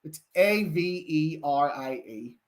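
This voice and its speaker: A man's voice: a little high, lively intonation, takes it slowly. A young man with a Northern Irish accent, hosting a live football watchalong, chatting animatedly and reading out viewer comments. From Northern Ireland. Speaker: fan channel host.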